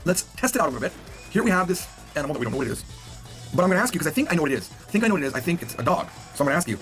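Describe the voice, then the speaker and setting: Fast, lively male language teacher. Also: fairly high pitch, faint music behind. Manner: animated, jokey, acts out example lines. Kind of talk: video language lesson.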